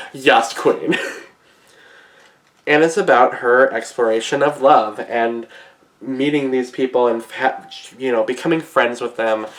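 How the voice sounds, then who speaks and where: Young male manga vlogger, effusive and giggly, casual gushing delivery. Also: mid-range voice. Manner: gushing, effusive, says "girl" and "yes, queen", laughs often. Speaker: manga reviewer. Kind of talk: enthusiastic casual vlog.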